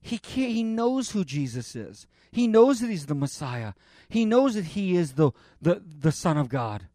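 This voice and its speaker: Impassioned preacher man with a high voice. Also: very animated, unhurried, mellow, no echo, clean studio sound. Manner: impassioned, with dramatic rises and drops in volume; repeats himself and restarts while preaching. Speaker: pastor. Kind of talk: sermon.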